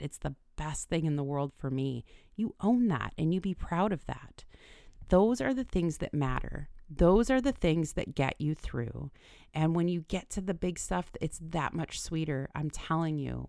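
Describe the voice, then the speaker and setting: A woman's voice: low-pitched, unhurried, a little mellow, clear, resonant tone, no room sound, clean studio sound. A woman hosting a motivational podcast, speaking earnestly and encouragingly straight to her listeners. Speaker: podcast host.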